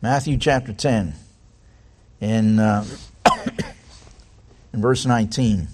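A man's voice: lowish voice, slow pace, darkish tone. A man preaching a sermon, reading scripture aloud and putting many rhetorical questions to the congregation.

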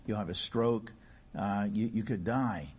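Man doing a calm doctor, husky, patient and reasoning, muffled sound. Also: fairly low pitch, a little slow, pitched below the performer's own voice. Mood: pleading calmly. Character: calm skilled surgeon, patient and persuasive.

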